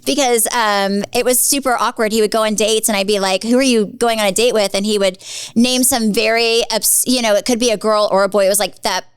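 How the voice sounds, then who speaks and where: Woman podcast host, chatty and effusive; smooth, clear tone, dry close sound. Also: fairly high pitch, steady tone, brisk, no room sound. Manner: chatty, gushing, rambling with fillers. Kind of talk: casual chat.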